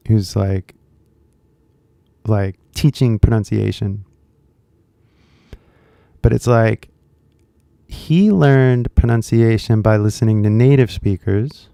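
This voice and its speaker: A man's voice: fairly low pitch, gravelly, mellow, no room sound. A young man teaching English in a casual, rambling spoken lesson, full of fillers and asides. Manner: chatty, rambling, lots of fillers.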